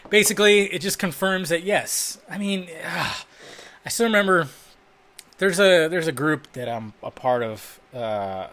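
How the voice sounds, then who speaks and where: In a dim room, a man talks into a desk microphone and webcam, vlogging about film news. His voice is a little high and a bit bright, animated yet slightly slow, and his rambling commentary is loose and freely sprinkled with swearing.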